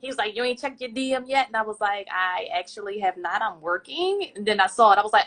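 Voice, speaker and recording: A woman's voice: medium pitch, fast talker. A woman guest on a podcast live stream, chatting casually and acting out quotes as she tells stories. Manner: animated storyteller acting out quotes.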